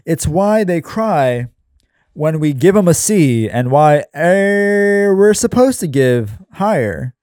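A man's voice: a little high, sing-song, slow pace, a little mellow, no room sound, studio quality, voice pushed up. A man voicing a weary, candid woman professor as he reads a screenplay aloud. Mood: resigned.

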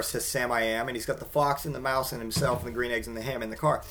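A man talks through a picture book in casual comedic commentary, wry and rambling. His pitch sits in an ordinary middle range, and he stops often for fillers. A faint noise runs under his voice. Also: steady tone, fast talker, few pauses, a bit bright.

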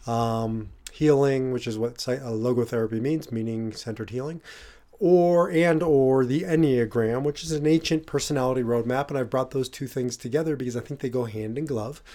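A man's voice: mid-range voice, moderate pace, dark tone. A middle-aged man hosting a reflective podcast. He talks in a loose, conversational way, with fillers and restarts, and presses hard on key words. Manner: conversational, with fillers and self-corrections. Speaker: podcast host.

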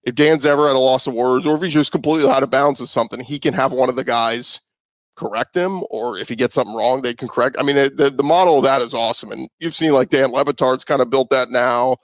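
A male sports radio guest in his thirties tells stories casually in a mid-range voice, talking fast with a steady tone. His loose, conversational interview talk is full of fillers and restarts, and the podcast sound is completely dry.

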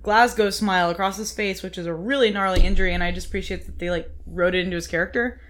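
A chatty woman in a casual chat over whiskey, talking with lots of fillers and animated asides. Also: lowish voice, fast talker, slight background noise.

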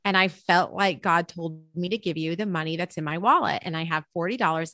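A woman's voice: lowish voice, fairly quick, hardly any pauses, no echo, clean studio sound. A woman, a teacher and author, tells a personal story in an interview, acting out the dialogue as she goes. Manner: expressive, acts out quoted dialogue.

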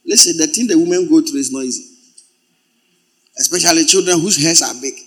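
A man preaching a sermon as pastor, swinging from loud exclamations to quiet asides. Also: fairly high pitch, fairly quick, slightly rough.

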